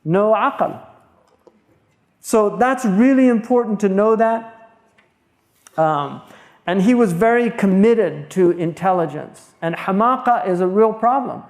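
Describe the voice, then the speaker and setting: A man's voice: high voice, takes it slowly, pauses often. An American man giving an informal religious lecture, talking bluntly and conversationally with many restarts and asides. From United States. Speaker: Islamic scholar lecturing.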